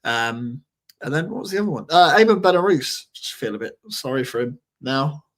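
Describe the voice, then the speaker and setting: A man's voice: mid-range voice, lively intonation, normal speed, fairly bright tone, a little hiss or hum. A man hosting a casual podcast, teasing his co-hosts and reading out listener questions. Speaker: podcast host.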